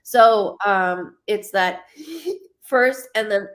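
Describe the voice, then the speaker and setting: A woman in her thirties giving a live-streamed psychic reading, halting and stuttering, often repeating words as she searches. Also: mid-range voice, a bit bright. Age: 30s.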